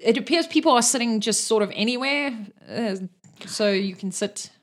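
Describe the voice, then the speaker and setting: A woman's voice: on the high side, moderate pace. A woman running a tabletop game as game master, describing scenes with many fillers.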